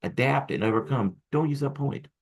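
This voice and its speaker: A gravelly male voice of medium pitch, at a normal speed, leads this recorded acupuncture lecture. The instructor's style is relaxed and digressive, full of false starts and little detours for his students.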